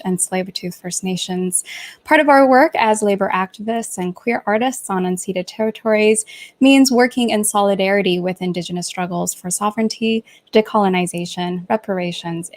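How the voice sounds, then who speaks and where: A woman, co-hosting a live-streamed talk show and reading a measured, scripted introduction. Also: medium pitch. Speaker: co-host.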